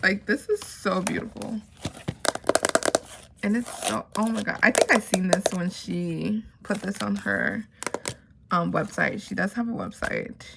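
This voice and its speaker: A woman vlogging an unboxing in casual chat, gushing and excitable, full of "oh my God" and "like". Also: mid-range voice, unhurried, gravelly, very noisy.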